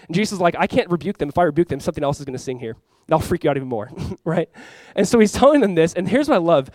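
Animated, conversational man preaching a sermon. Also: on the high side, very fast, no room sound. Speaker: pastor.

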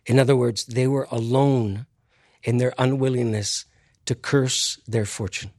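A man answering an audience question with a reflective story. He talks deliberately with pauses, makes wry asides and laughs at his own jokes. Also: mid-range voice, fairly even intonation, darkish tone, no room sound, studio quality.

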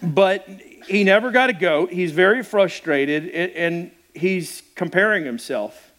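His voice is high-pitched and unhurried as this middle-aged pastor preaches, relating the story conversationally. He animates it by acting out the people's quotes, and he restarts frequently.

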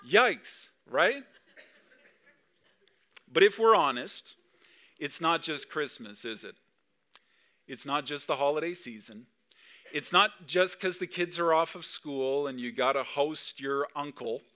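Bright-voiced man preaching a Christmas sermon. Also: fairly high pitch, expressive, a little slow. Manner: conversational, asks the crowd lots of rhetorical questions. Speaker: pastor. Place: church service.

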